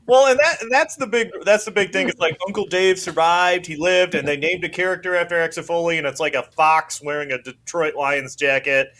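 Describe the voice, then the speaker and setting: A man's voice: a little high, brisk, few pauses, a bit bright, slight background noise. A man hosting a podcast, recapping a movie in casual chat and laughing often as he tells the scenes.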